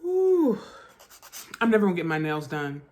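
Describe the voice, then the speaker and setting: A woman vlogger telling a personal story, halting and emotional, with restarts and quick bursts that trail off softly. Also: lowish voice, huge pitch swings. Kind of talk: storytime vlog.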